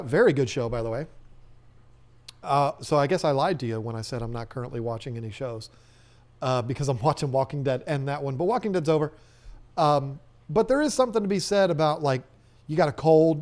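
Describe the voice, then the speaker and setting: A man hosts a live stream, reading viewer comments and riffing on them in a loose, joking way. He rambles and restarts his sentences as he goes. His voice sits a little high for a man. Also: darkish tone.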